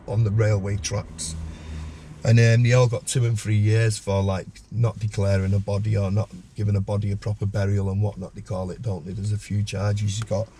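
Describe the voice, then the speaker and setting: A man telling a story as a podcast guest, lively and jumping up in pitch when he acts out other people's lines. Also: slight background noise. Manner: animated storyteller, acts out voices with sudden high pitch.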